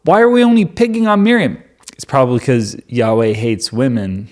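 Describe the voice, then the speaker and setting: A man's voice: mid-range voice, moderate pace. A man reading scripture aloud and breaking off into joking, sarcastic commentary. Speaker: Bible reader and commentator. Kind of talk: casual Bible reading with commentary.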